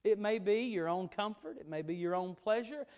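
A man's voice: sits high, moderate pace, a little mellow. A man preaching a sermon in an auditorium, telling a folksy personal story and rising into emphatic bursts. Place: auditorium before an audience.

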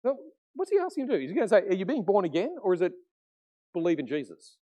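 A middle-aged man preaching a sermon as pastor, conversational and animated, often acting out quotes. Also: high voice, quick pace.

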